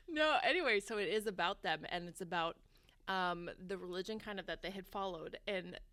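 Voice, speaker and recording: A woman's voice: mid-range voice, sing-song, measured pace, bright, forceful tone, dry recording. Chatty woman podcast co-host, dry sound. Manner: chatty, laughs often, storytelling. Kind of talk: casual chat.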